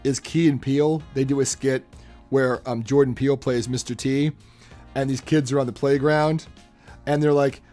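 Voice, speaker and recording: A young man chatting casually on a live stream, animated, laughing often and slipping into quick impressions. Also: medium pitch, soft background music.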